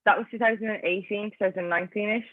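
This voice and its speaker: A woman's voice: mid-range voice, steady tone, rapid-fire, dry recording. Chatty Irish woman on a tinny line. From Ireland. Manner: chatty, fills talk with "like". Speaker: athlete guest. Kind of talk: casual interview answers. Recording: tinny, dry, phone-like line.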